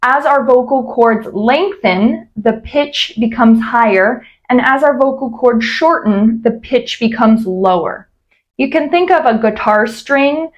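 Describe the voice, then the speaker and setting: Higher-voiced woman teaching voice exercises. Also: unhurried, lo-fi sound. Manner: clear, explanatory, demonstrates sung glides. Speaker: voice coach. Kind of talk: instructional voice exercise lesson.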